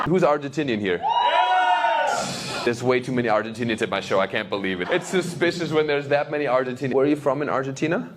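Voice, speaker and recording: A man's voice: on the high side, fast. A man from Germany performing a stand-up set, brash and swearing, doing crowd work. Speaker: stand-up comedian. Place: comedy club stage. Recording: live club with loud audience. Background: audience laughter and cheering.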